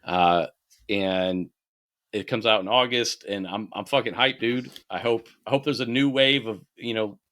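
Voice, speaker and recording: A man with a bright, forceful voice rants his way through a relaxed podcast conversation. He swears freely and gets animated as he goes off on a tangent. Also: fairly low pitch, unhurried. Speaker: podcast co-host. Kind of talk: casual chat.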